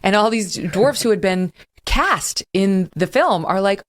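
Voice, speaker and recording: A woman's voice: medium pitch, expressive, measured pace. A woman hosting a talk-show interview, chatty and pointed as she leads the questions. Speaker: host.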